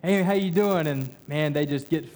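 A man's voice: a little high, normal speed, darkish tone. A middle-aged man preaching a sermon as pastor, conversational with frequent stammered restarts.

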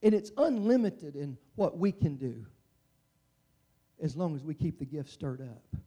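Preacher, male, high-pitched voice, impassioned sermon delivery that swings from hushed to near-shouting. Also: lively intonation, unhurried.

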